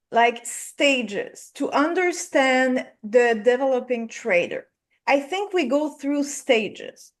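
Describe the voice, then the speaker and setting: Slow high-voiced Quebec French woman. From Quebec, Canada. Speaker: trading psychology coach. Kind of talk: live show guest talk.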